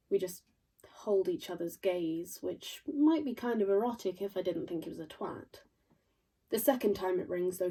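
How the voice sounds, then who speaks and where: A sardonic young woman in her twenties delivers a stage monologue full of dry, crude asides. Her voice is dark and a little husky. She sounds a touch distant from the mic. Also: lowish voice. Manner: wry, deadpan, crude asides. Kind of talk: theatrical monologue.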